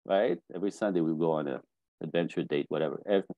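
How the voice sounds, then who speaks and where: Middle-aged guy coaching on a podcast, low mellow voice, acts out little conversations. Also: quick pace, no room sound. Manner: animated storytelling, acting out dialogue. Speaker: dating coach guest.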